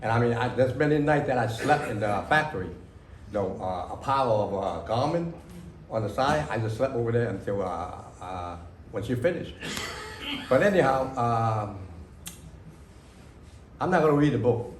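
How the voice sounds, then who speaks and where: A man, an author recalling his past to a library audience, talking haltingly with many fillers and broken grammar. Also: medium pitch, animated, a little hiss or hum. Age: 60s. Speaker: author at a book reading. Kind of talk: casual spoken memories to an audience. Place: library reading room. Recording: echoey room.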